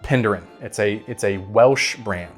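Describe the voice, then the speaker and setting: A man's voice: fairly low pitch, a little slow. A man hosts a whiskey channel, giving casual bottle picks to camera and often asking "right?". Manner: relaxed, repeats words, says "right?" often. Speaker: whiskey reviewer and channel host. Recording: faint guitar music behind.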